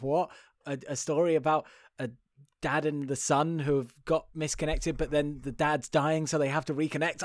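A man's voice: mid-range voice, a bit bright, no room sound, studio quality. Rambling man reviewing a film. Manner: rambling, laughing, filler-heavy. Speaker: podcast co-host. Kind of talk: casual film review chat.

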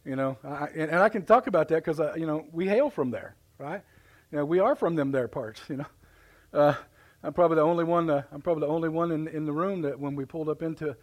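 A middle-aged male preacher delivering a live sermon in a church, folksy and halting. His fairly high voice keeps stopping to repeat words. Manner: folksy, halting, many restarts and repetitions. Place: church sanctuary.

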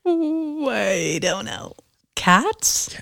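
A woman co-hosting a podcast, playful and joking, with quick reactions. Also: a little high, sing-song, vocal fry, bright, forceful tone, dry recording. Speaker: podcast co-host. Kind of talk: casual chat.

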